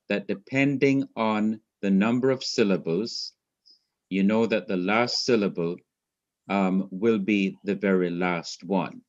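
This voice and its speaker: A man's voice: on the low side, highs cut off. A man teaching a class, explaining step by step, repeating his points and quizzing a student. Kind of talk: class lecture.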